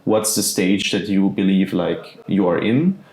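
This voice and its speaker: A man hosting an interview, upbeat and loose, quick to affirm his guest before asking the next question. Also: sits low, creaky, darkish tone. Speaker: podcast host. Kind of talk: casual interview. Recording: echoey room with faint noise.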